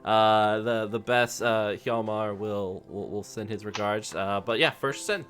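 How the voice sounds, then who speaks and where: A man's voice: on the low side, steady tone, unhurried, fairly bright tone. A man hosting a tabletop role-playing stream as game master, wrapping up with lots of fillers and laughs. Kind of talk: casual stream wrap-up.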